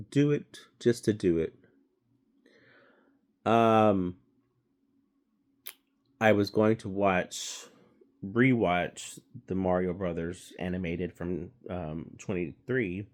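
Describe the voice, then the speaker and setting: A man's voice: sits low, darkish tone. A man giving a casual, rambling movie review, swearing freely and stumbling through fillers and restarts.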